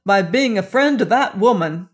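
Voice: medium pitch, expressive, normal speed, voice pushed up, close to an everyday voice. A narrator voicing a defiant young man protesting his innocence in a western audiobook story. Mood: indignant. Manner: indignant, forceful.

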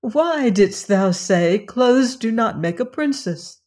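A woman voicing a young princess, earnest and tender, speaking gently in old-fashioned words. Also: on the high side, lively intonation, slow pace, pitched above the performer's own voice. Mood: playful. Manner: gentle, questioning, archaic speech.

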